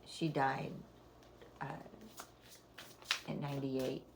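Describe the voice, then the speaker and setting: A woman's voice: extremely low pitch, flat delivery, slow pace, vocal fry, background noise. A middle-aged woman giving a casual spiritual card reading, rambling and thinking aloud, often breaking into laughter. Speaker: oracle card reader.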